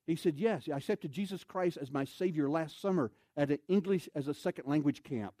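American man, missionary speaker, animated comic storyteller, higher pitch, dry close sound. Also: normal speed, few pauses, no echo. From United States. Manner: animated, comic, acts out scenes and voices. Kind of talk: humorous storytelling talk.

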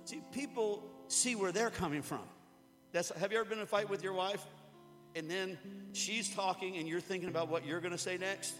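A man's voice: high-pitched, brisk, a bit bright. Male pastor, conversational sermon, joking asides, long hall reverb. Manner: conversational, joking, with acted-out quotes. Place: church hall before an audience. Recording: hall reverb with music behind.

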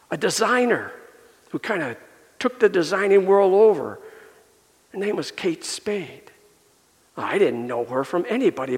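A male pastor preaching a sermon and telling a personal story, earnest, building up and softening by turns. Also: sits high. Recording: long reverb of a large hall.

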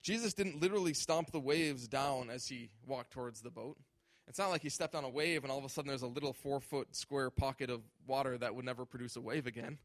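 A man's voice: mid-range voice, a little fast, no echo. A male pastor preaching a sermon with emphasis, often acting out imagined voices.

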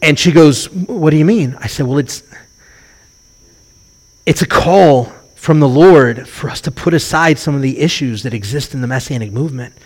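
A man's voice: medium pitch, moderate pace. A middle-aged man, a rabbi, preaching a sermon and telling stories, acting out the voices he quotes. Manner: animated storytelling, acts out quoted voices.

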